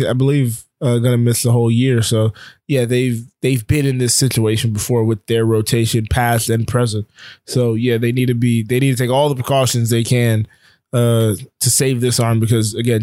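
A man's voice: medium pitch, darkish tone, dry recording, clean studio sound. Chatty young man recapping sports. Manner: chatty, restarts often, teasing. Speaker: podcast co-host. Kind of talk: casual sports chat.

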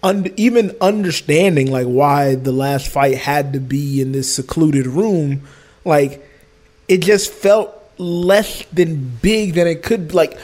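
A man in casual podcast chat reviewing a film, animated and quick to laugh. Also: fairly high pitch. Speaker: podcast co-host.

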